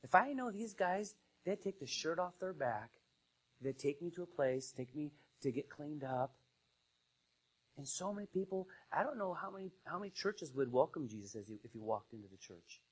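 A man preaching a sermon in a conversational style, rising to loud emphasis and dropping to quiet asides. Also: fairly high pitch, animated, moderate pace, breathy edge, rough recording. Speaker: pastor.

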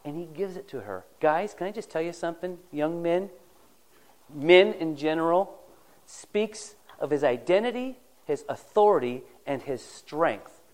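Folksy preacher retelling a Bible story. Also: male voice, on the high side, expressive, measured pace. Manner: folksy storytelling, acting out the characters' lines. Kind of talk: sermon.

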